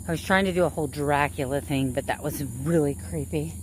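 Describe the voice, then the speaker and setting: A middle-aged woman vlogs in a relaxed, chatty way, with a voice that sits a little low for a woman. She rambles and corrects herself mid-sentence as she talks to her viewers. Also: a little fast, few pauses, slight background noise. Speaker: vlogger. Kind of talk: casual chat.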